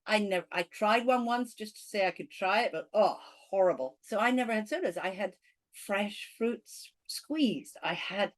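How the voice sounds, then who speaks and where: A woman, an author and coach, talking as a podcast guest and earnestly, eagerly explaining ideas in a relaxed conversational way. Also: mid-range voice, normal speed. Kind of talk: conversational interview.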